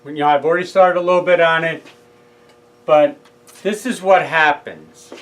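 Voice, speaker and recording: A man's voice: a little high, steady tone, normal speed, a bit bright, poor audio. A man telling his own story in a casual monologue, rambling with asides and self-corrections. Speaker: father speaking out about his own court case.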